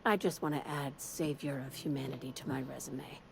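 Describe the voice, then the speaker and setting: A woman's voice: very deep voice, steady tone, a little fast, creaky, slight background noise. A woman voicing a cynical corporate woman who hires an assassin in a video game, blunt and sardonic.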